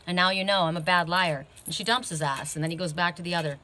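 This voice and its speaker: Rambling woman with a bright, lowish voice. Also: fast. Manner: rambling retelling full of "you know" and "right?"; self-interrupting, restarts her sentences often. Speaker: oracle card reader. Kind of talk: casual storytelling in a card reading.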